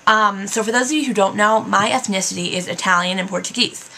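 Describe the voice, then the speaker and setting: Chatty young American woman, gravelly edge. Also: mid-range voice, brisk, sharp tone, a little hiss or hum. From United States. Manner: chatty, frequent fillers and "like", getting worked up. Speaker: vlogger. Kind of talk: casual vlog monologue.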